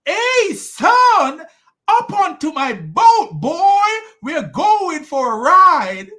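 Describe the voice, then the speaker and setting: An old father, as a man acts him out, calls across the water in a loud, high voice. The call is bright and strained. It carries the sound of a man shouting at a distance. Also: very animated, drawn-out words, exaggerated voice.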